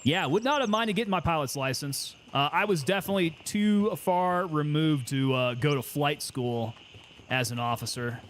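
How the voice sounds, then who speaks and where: A man's voice: fairly high pitch, animated, moderate pace, a bit bright, slight background noise. A man streaming a game, chatting and joking in casual commentary. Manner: chatty, joking, self-amused.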